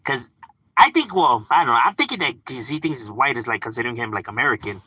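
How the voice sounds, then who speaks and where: A man's voice: mid-range voice, animated, quick pace, pushed and bright, husky, dry recording, rough recording. Laid-back man chatting on a live stream. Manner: loose and profane, laughs often, lots of fillers; chatting back to unseen viewers. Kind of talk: casual live-stream chat.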